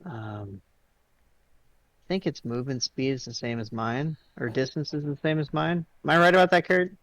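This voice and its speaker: A man's voice: medium pitch, normal speed, fairly bright tone. A man playing a tabletop game who jokes, swears and talks through his moves as he goes. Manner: playful, swearing, thinking aloud. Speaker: player. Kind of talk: casual tabletop game chat.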